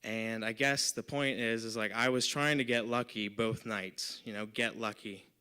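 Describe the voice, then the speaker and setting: A young man in his twenties tells a personal story on a live storytelling stage. His voice is bright and tense, crisp and clean, loose and chatty, with constant "like" and "you know" fillers. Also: on the low side, steady tone, moderate pace. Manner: casual, filler-heavy, lots of "like" and "you know". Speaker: volunteer storyteller.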